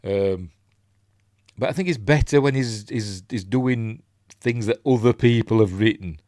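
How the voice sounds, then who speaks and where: This middle-aged Yorkshire man talks through a film as casual live commentary, wandering off with plenty of fillers and restarts. He speaks unhurriedly in a lowish, slightly mellow voice, recorded at studio quality without echo.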